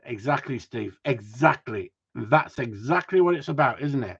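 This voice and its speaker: A man's voice: mid-range voice, expressive, normal speed, hardly any pauses, fairly bright tone, breathy edge. Male dog trainer, live-stream host; rambling, sweary rants over muffled stream audio. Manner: chatty, ranting, swears casually. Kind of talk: casual live-stream chat reading viewer comments.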